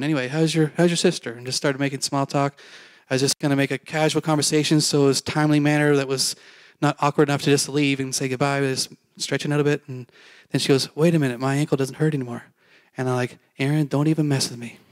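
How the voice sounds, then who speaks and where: A man's voice: mid-range voice, no room sound. A man preaching a sermon as a pastor, telling a personal story in a casual, self-deprecating way and acting out the dialogue.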